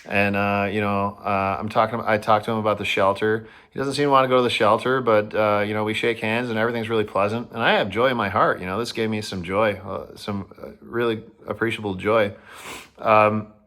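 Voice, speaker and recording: A man telling a personal story to the camera, rambling, restarting often and sounding excited. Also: on the low side, brisk.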